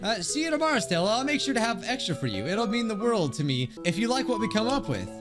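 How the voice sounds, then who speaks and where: A man's voice: high-pitched, sing-song, fast, pitched above the performer's own voice. A man doing a sweet, timid wolf girl. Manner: soft, polite and nervous. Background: game music.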